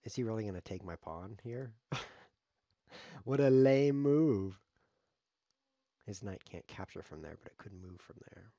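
A man's voice: deep voice, fairly quick, gravelly, a little mellow, breathy edge, dry recording, studio quality. A man streaming live chess, commenting on his games in a sarcastic, joking way as he plays. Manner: sarcastic, joking, talks to himself while playing.

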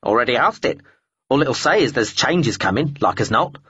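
A man voicing a grumbling, croaking black bird that asks blunt, clipped questions, in a dull lo-fi recording. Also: medium pitch, sing-song, normal speed, bright, forceful tone, dry recording, full character voice. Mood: nosy, grumbling.

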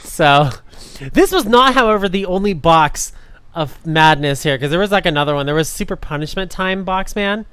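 Male podcast host, chatty and animated, resonant tone, dry studio sound. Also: sits high, moderate pace, smooth, no room sound. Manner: animated, laughing often, many fillers. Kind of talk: casual storytelling chat.

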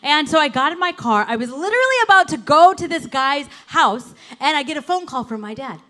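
A woman pastor giving a sermon in an animated, conversational storytelling way, full of casual fillers. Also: high-pitched, brisk. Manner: animated, conversational, lots of "like" and "you know".

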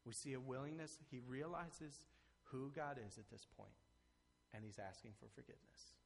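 A man preaching a sermon as pastor, earnest and conversational, rising to emphatic peaks and then dropping soft. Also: fairly low pitch, vocal fry, slight background noise. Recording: long reverb of a church hall.

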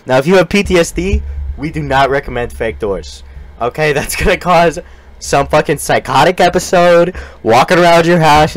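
A male streamer improvising a mock sales pitch, riffing quickly and laughing through it. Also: animated, dry recording.

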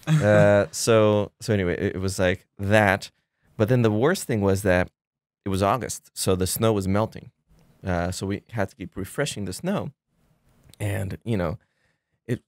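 A man with a fairly low voice tells a lively behind-the-scenes story, stumbling through fillers and restarts. He slips into the voices of people he quotes. The sound is dry and close. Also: unhurried, no room sound. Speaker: guest filmmaker. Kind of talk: casual podcast chat.

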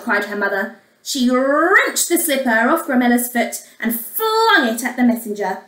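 A woman teacher reading a storybook aloud to young children in an expressive way, sometimes asking them questions. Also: a little high, unhurried, roomy sound, distant mic, poor audio. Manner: expressive, asks the listeners questions. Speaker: primary school teacher.

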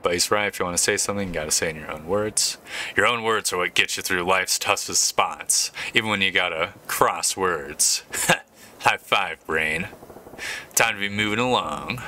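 A man's voice: low-pitched, normal speed, bright, forceful tone, slight background noise. A man commenting casually while playing a video game, cracking jokes and puns. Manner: jokey, punning commentary. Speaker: game player. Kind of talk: let's play commentary.

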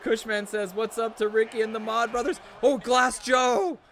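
Excitable high-voiced male game streamer. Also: moderate pace, a little hiss or hum. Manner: excitable, shouts at big moves, laughs to himself. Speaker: live-stream host. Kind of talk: excited live game commentary.

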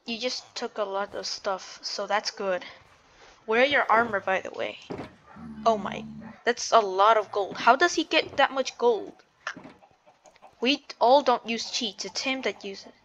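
A woman's voice: fairly high pitch, unhurried, a bit bright, dull audio, a little hiss or hum. A woman giving casual gameplay commentary, chatty and full of "like" and restarts. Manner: chatty, hedging with "like", self-interrupting. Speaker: gamer and video creator.

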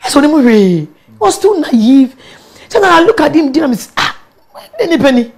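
A woman with a Ghanaian accent, a guest telling her own story in an interview, animated and quick to laugh, mixing local words into her English. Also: high voice. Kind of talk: candid personal storytelling in an interview.

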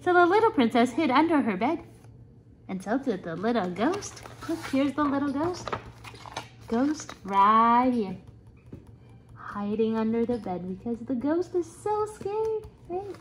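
A woman reading a bedtime picture book aloud to her child, gently explaining and coaxing. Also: high voice, big pitch swings, normal speed, slight background noise.

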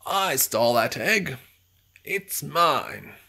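Reader doing a sneaky greedy rat guy, whispery and gloating, gravelly, slow. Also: mid-range voice, big pitch swings, pushed and bright, heavily acted. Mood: defiant.

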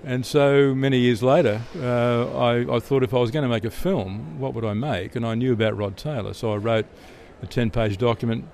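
A man's voice: medium pitch, steady tone, moderate pace, gravelly, few pauses, a little mellow, slight background noise. A middle-aged Australian man, an interview guest telling stories in a chatty way, often restarting and repeating words. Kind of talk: relaxed storytelling answers.

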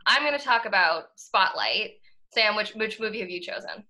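A woman's voice: mid-range voice, lively intonation, moderate pace, pushed and bright, poor audio. A young woman from the Boston area co-hosting a podcast, chatting casually, emphatic and laughing often. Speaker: podcast co-host.

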